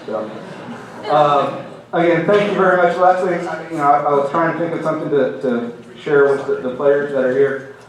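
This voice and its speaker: A middle-aged man giving a hall of fame acceptance speech, halting and restarting often, with self-deprecating humor. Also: fairly high pitch, steady tone. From Oklahoma. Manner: halting, many restarts and repeated words. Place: banquet hall. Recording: very echoey hall, heard from a distance.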